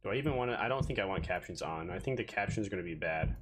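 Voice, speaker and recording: A man's voice: low voice, expressive, rapid-fire, noisy background. Rambling playful male streamer. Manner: rambling, playful, talks to himself. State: out of breath. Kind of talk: casual live-stream chat.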